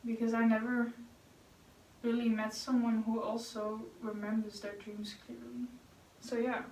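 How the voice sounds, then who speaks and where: A woman's voice: fairly high pitch, recorded from a distance. A young woman chatting casually and rambling while she paints, answering viewer questions with giggles. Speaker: vlogger. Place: room at home. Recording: echoey room, voice off-mic.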